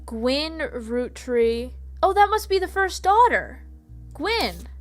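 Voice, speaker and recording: A woman's voice: high-pitched, very animated, takes it slowly. Giggly, chatty woman game streamer. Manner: giggly, chatty, reads game text aloud. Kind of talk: casual let's-play commentary. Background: faint background music.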